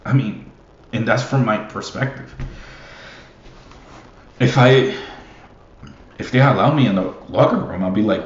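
Slow, low-voiced young man ranting. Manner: profane, rambling, laughs often. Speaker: basketball fan. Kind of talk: casual solo commentary. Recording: roomy, muffled, faint hiss.

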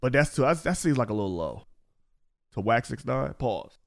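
A man joking around in casual podcast chat, profane and animated. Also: medium pitch, moderate pace, vocal fry.

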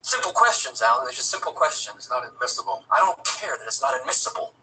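A man's voice: mid-range voice, very animated, fast, sharp tone, distant mic, slight background noise, poor audio. An actor playing a male police detective who insistently presses a suspect with questions, heard from a played TV drama. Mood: stern, pressing.

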